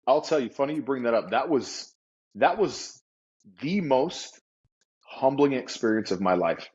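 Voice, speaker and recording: A man telling a story as an interview guest, animated and vivid, acting out the people he quotes. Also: medium pitch, unhurried. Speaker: guest entrepreneur. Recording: slightly dull lo-fi audio.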